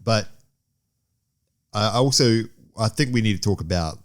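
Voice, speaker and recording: A man's voice: on the low side, animated, normal speed. A young man co-hosting a podcast, joking around in casual chat and leaning heavily on "like.". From Australia. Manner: laughing, joking, heavy use of "like". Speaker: podcast co-host.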